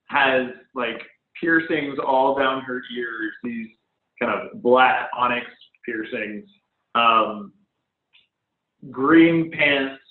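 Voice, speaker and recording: A man running a tabletop game as game master, describing scenes in a hesitant way full of ums, over an online voice call. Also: mid-range voice. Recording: phone-like online call audio, echoey room.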